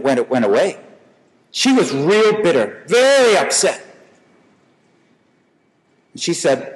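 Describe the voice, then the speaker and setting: A man's voice: high voice, in a large hall, poor audio. A man preaching a sermon in a conversational way, telling stories and asking rhetorical questions.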